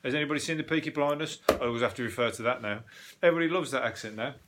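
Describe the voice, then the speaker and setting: A man's voice: mid-range voice, racing, background noise. A man with a Birmingham accent hosting a solo podcast, ranting about the news, swearing freely and often restarting his sentences. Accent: Birmingham (Brummie). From England. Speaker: podcast host.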